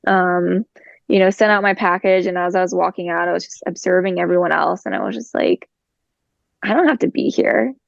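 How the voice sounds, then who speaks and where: Woman, guest, casual storytelling, chatty with fillers, vocal fry, dry close sound. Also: lowish voice, dry recording. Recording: dull lo-fi recording.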